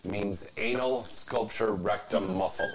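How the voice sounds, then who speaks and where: A man's voice: fairly low pitch, unhurried, poor audio. A man hosting a casual chat, reading trivia aloud and cracking crude jokes. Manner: joking, crude, animated.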